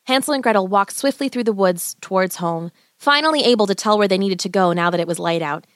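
A woman narrating a children's fairy tale in a gentle, even storybook reading. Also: medium pitch, fast talker, dry recording, studio quality.

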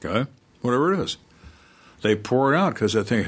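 Husky older man telling dry stories. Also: mid-range voice, big pitch swings, fairly quick. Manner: dry, emphatic storyteller who acts out suspects' lines. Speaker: retired homicide detective, guest. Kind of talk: storytelling in conversation.

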